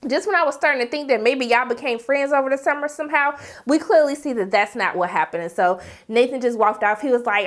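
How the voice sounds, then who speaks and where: A woman giving a casual, animated TV episode recap in slangy speech, often acting out the characters' lines. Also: on the high side, normal speed. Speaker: TV series reviewer.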